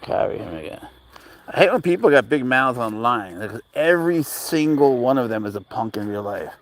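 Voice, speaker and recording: Walking his cat outdoors in a park, a livestreamer with a gravelly, creaky, middle-range voice chats off the cuff at a moderate pace. He's very animated, rambling bluntly and swearing freely as he reads viewers' chat messages aloud and answers them.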